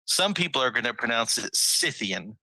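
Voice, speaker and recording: Guy giving a laid-back history talk over a video call, really bright sharp voice, dry close sound. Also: medium pitch, measured pace, dry recording, poor audio. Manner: musing, emphatic, rises on rhetorical questions. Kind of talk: casual lecture over a screen share.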